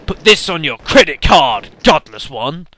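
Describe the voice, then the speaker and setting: A man putting on a gruff, mock-epic voice to read out a male mission-giver in a game. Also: a little high, sing-song, unhurried, bright, forceful tone, heavily acted. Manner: theatrical, mock-epic reading.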